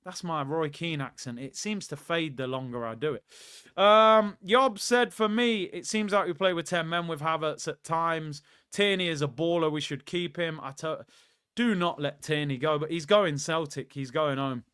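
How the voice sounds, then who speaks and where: A young man hosting a football watchalong livestream, reading out viewer comments and giving shout-outs in animated, slangy banter. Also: on the high side, moderate pace, clear, resonant tone, dry recording, clean studio sound. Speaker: livestream host.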